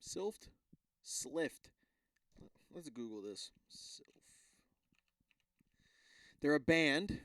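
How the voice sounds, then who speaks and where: Profane rambling young podcast host. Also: male voice, on the high side, expressive, drawn-out words, long pauses, a bit bright, dry recording. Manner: rambling, swears often, stumbles over read-aloud text. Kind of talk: casual solo podcast chat.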